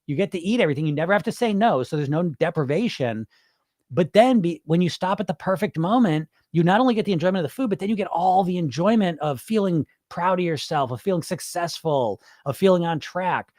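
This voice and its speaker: A hypnotherapist hosts a live stream, chatting informally with viewers, swearing freely and laughing often. His voice is high, animated, a little fast, and a little mellow, captured in a dry, clean studio recording.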